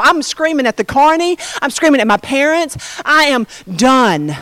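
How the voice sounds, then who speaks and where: Middle-aged woman preacher, high voice, dry sound, animated story with hushed dramatic bits. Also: a little slow, hardly any pauses, no echo. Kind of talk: sermon with personal story.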